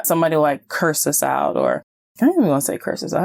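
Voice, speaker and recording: A woman hosting a self-help podcast in a casual, animated way, often acting out what people say. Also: sits low, quick pace, creaky, no room sound, clean studio sound. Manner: animated, acts out quoted voices, many "like"s. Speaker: podcast host and certified hypnotist.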